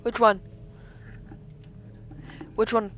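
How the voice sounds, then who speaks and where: A woman streaming a game, reacting in a playful, excitable way and talking to her chat. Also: a little high, drawn-out words, soft background music. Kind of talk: live gameplay reactions.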